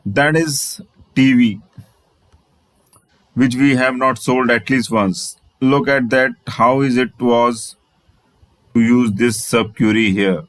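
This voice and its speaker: A man's voice: medium pitch, slow pace, pauses often, fairly bright tone, dry recording, low-quality recording. A man teaching a programming lesson over his screen, spelling out letters and repeating phrases as he goes. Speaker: programming instructor. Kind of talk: screen-share coding tutorial.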